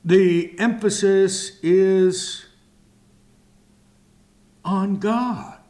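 Very slow, deliberate male Bible teacher. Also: high voice, steady tone, mellow. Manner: very slow, drawn-out phrasing with long pauses.

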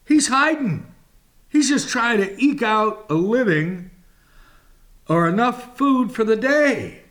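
In a sermon, a man reads from scripture and explains it with dramatic weight, occasionally lowering to a whisper. He speaks slowly and with care, his very high voice lively in intonation and a little bright.

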